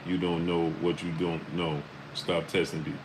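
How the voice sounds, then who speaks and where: Man, New York accent, very deep voice, casual live-stream host, blunt and emphatic, greets chat by name. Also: flat delivery, noisy background. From Brooklyn, New York. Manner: reads out viewer names with quick greetings, blunt and emphatic.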